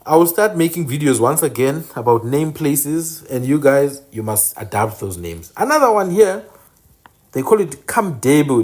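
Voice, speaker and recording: Speaking a little slowly in a fairly high, very animated voice, a man teaches indigenous place names on his channel in an informal monologue. He insists on corrections, emphatically repeating each name.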